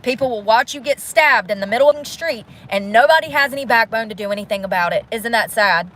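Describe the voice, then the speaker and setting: Young woman ranting in her car, kinda high voice, mad and cussing a lot, phone mic. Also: expressive, quick pace, fairly bright tone. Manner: frustrated, swearing, ranting. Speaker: vlogger living in her car. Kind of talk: venting vlog. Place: inside a parked car in the rain.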